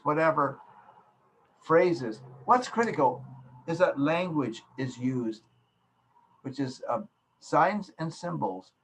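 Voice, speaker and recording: A professor with a fairly high, slightly bright voice teaches an online class through his computer mic on a video call. He explains patiently, using simple everyday examples.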